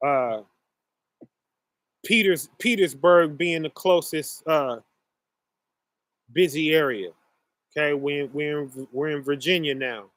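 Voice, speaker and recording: Slow-talking man chatting to viewers. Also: on the high side, fairly bright tone, no room sound. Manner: slow, rambling, many fillers, addresses audience as y'all. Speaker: online show host. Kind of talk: casual monologue to viewers.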